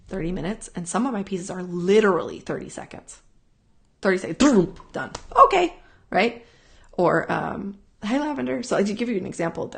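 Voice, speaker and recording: Earnest woman rambling with a gravelly edge. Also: mid-range voice. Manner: rambling, earnest, repeats herself, sniffs. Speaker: host answering viewer questions. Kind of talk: casual spiritual talk, live stream.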